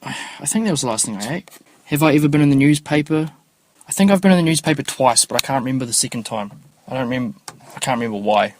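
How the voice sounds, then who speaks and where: A man's voice: mid-range voice, lively intonation, quick pace, a little mellow, slight background noise. A man hosting a casual solo podcast, rambling offhandedly and swearing freely. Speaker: podcast host.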